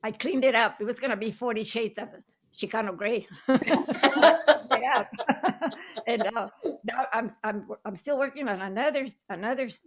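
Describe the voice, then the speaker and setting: Chatty older woman, slightly high voice. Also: moderate pace. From Southern Arizona. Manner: chatty, laughing often, mixes Spanish phrases into English. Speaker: honored playwright and actress. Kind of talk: casual reminiscing on a group video call.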